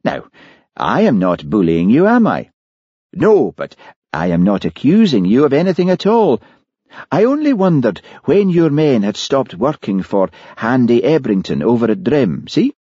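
A man's voice: mid-range voice, big pitch swings, normal speed, warm tone, breathy edge, dry recording, voice pushed up. A male narrator voicing a wry, teasing middle-aged policeman with a Scottish accent in an audiobook. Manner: dry, teasing. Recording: dull lo-fi audiobook recording.

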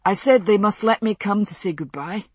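A woman voicing a resolute young Scottish man who speaks softly, with a Scottish accent. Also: medium pitch, moderate pace, breathy edge, no room sound, lightly acted. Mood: quiet resolve. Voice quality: soft-spoken.

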